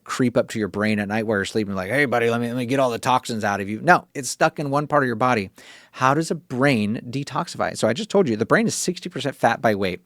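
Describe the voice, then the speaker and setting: A man with a Texas accent, a functional medicine doctor, explaining things in an interview with animated, repetitive emphasis and casual asides. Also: mid-range voice, no echo, clean studio sound. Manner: animated, repeats key words, casual asides.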